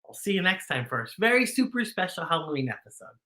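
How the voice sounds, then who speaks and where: A woman hosting a children's storytime show, reading a picture book aloud in an animated, sing-song way and talking to the kids at home. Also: fairly low pitch, fast talker, reverberant.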